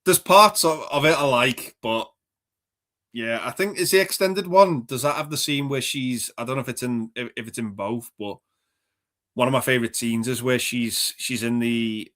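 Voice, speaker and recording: Male co-host, relaxed and agreeable, chatty conversational delivery. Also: medium pitch, normal speed. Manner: easygoing, agreeable, many "yeah"s. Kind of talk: casual chat.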